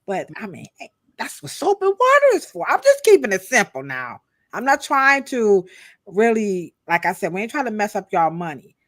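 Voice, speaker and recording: A woman co-hosting a podcast, animated and exclamatory, talking in casual slang with bursts of laughter. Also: mid-range voice, normal speed. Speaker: podcast co-host. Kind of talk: casual chat.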